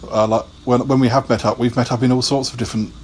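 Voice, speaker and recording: A man co-hosting a podcast in casual chat, jokey and quick to laugh, riffing on silly ideas. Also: medium pitch, little pitch movement, slight background noise. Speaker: podcast co-host.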